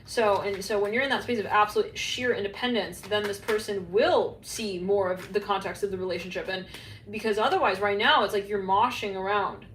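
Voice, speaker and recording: A woman gives a casual psychic tarot reading to camera, rambling with heavy filler and laughing at herself. Her voice is medium-pitched, brisk, and a bit bright, recorded in an echoey room with a faint background hum.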